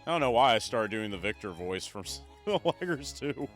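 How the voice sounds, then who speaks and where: A man's voice: medium pitch, sing-song, normal speed, a bit bright, faint music behind. A man streaming a video game with casual, joking commentary, reading dialogue aloud.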